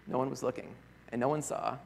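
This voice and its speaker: A man preaching a sermon as a pastor, earnest and conversational, often pausing on rhetorical questions. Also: medium pitch, steady tone, gravelly, a little mellow. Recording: long reverb of a large hall.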